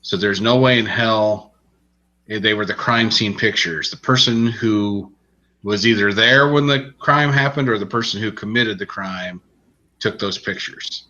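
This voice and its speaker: An unhurried man with a lowish voice, highs cut off, chats casually on a podcast where he co-hosts book reviews. His retelling of a book's plot is relaxed and meandering, with restarts throughout.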